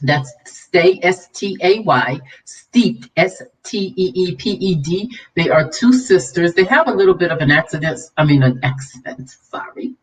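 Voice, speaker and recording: A woman's voice: fairly low pitch, lively intonation, measured pace, few pauses. A woman hosting a casual livestream, preaching and scolding with conviction, then turning chatty and laughing with her viewers. Her voice sits a little away from the microphone, so it sounds slightly distant. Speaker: vlog host. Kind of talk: livestream commentary.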